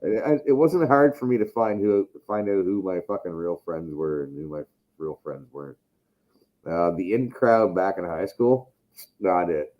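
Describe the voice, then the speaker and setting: A man's voice: low voice, lively intonation, moderate pace, highs cut off. A man hosting a casual podcast chat, rambling and swearing heavily. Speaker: podcast host.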